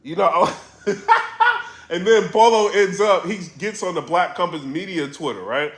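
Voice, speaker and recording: A man blogging about the battle rap scene in a casual commentary vlog, telling stories in a slangy, animated way. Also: sits high, normal speed, echoey room.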